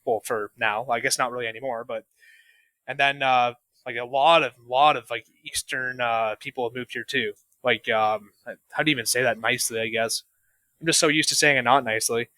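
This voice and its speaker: Rambling man, bright voice. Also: mid-range voice, fairly even intonation, a little fast, dry recording. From Canada, Southern Ontario. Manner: rambling, heavy use of filler words. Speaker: podcast guest. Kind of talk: casual podcast chat.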